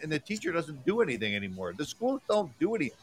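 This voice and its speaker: A man's voice: a little high, huge pitch swings, quick pace, slight background noise. A man hosting a casual podcast chat, emphatic and agreeable, swearing freely.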